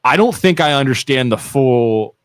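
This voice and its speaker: A man's voice: mid-range voice, expressive, normal speed, clear, resonant tone, no echo. A man with an Ohio accent co-hosting a local live talk show, joking around and needling his partner. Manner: goofy, teasing, talks over his co-host. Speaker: podcast co-host. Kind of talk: casual radio talk show banter.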